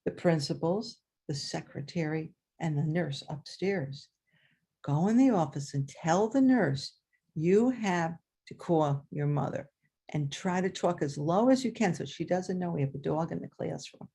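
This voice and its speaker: Older woman storyteller, husky tone, animated delivery, jumps high for character voices. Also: a little slow. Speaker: storyteller, former teacher. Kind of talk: oral storytelling at a story swap.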